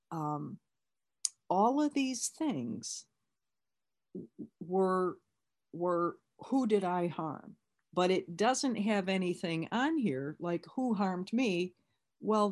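A woman's voice: lowish voice, darkish tone. A woman leading an online recovery workshop, talking candidly and conversationally with many restarts.

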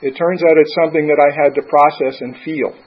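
Husky man telling his recovery story. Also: on the high side, steady tone, brisk. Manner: candid, conversational storytelling. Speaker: recovery meeting speaker. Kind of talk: personal recovery testimony. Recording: dull lo-fi recording.

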